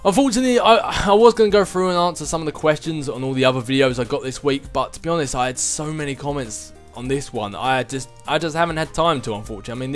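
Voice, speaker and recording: A relaxed man in an everyday mid-range voice talks through viewer questions, easygoing and prone to little chuckles. Faint music plays underneath. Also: mid-range voice. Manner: chatty and easygoing, chuckling between thoughts. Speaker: gaming channel host. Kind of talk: casual viewer Q&A chat.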